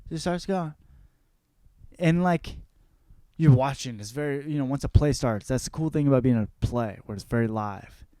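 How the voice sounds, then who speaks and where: A man's voice: medium pitch, moderate pace, mellow, no room sound. A young man hosting a show, telling a rambling, profane story in a casual comedic monologue. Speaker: host.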